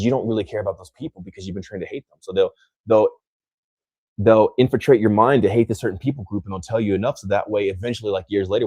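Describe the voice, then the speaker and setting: A man's voice: fairly low pitch, darkish tone, slightly rough, dry recording. A man from the United States hosting a casual podcast chat, rambling with many restarts and acting out other people's lines. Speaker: podcast host.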